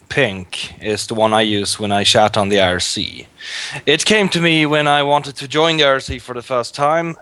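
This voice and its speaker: A young man from Sweden with a Swedish accent, a guest answering in a measured way with dry wit. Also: mid-range voice, fairly bright tone, smooth, no echo. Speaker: interview guest. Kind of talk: casual interview chat.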